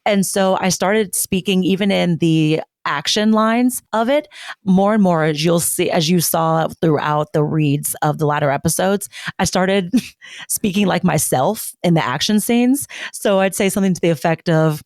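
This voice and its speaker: A woman's voice: fairly low pitch, moderate pace, darkish tone, no echo, studio quality. A woman co-hosting a podcast in casual chat, candid, self-deprecating and long-winded. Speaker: podcast co-host.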